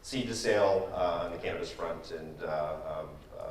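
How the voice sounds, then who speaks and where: A man, a company CEO on a panel, introducing his business quickly and with many fillers. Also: sits low, roomy sound, far from the mic, a little hiss or hum.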